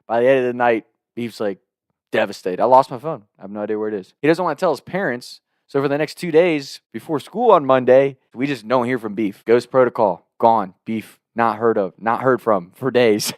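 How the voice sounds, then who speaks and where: A young man telling a funny story casually, laughing often and acting out the other people loudly. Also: mid-range voice, normal speed, no echo, clean studio sound. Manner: animated, laughing, acts out voices loudly. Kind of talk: casual anecdote.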